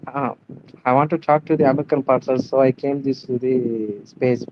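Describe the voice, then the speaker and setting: A male caller speaks in halting, simple learner's English. His voice comes through a dull, lo-fi line with a faint hiss behind it. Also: mid-range voice, fairly even intonation.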